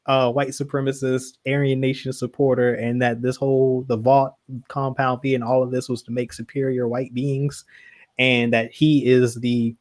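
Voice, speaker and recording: Animated man in casual chat. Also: medium pitch. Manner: animated, laughing, quick asides. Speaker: podcast co-host.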